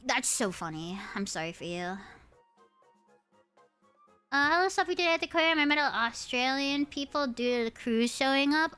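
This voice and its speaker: A young American woman streaming, chatting with her viewers in an animated, swearing storytelling manner. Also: high-pitched, normal speed, pauses often, clean tone. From United States. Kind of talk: casual chat with viewers. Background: faint background music.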